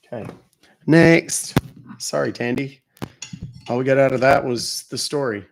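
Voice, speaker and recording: Brief: male stream host, very gravelly voice, casual and wisecracking. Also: mid-range voice, unhurried, slight background noise. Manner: joking storyteller, laughs at his own jokes. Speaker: livestream host calling scammers. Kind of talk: casual live-stream chat.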